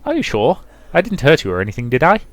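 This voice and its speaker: A man's voice: huge pitch swings, fast talker, no room sound. A man voicing a kindly, flustered young male doctor in a game reading, apologetic and fretful. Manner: apologetic, flustered, high and bright.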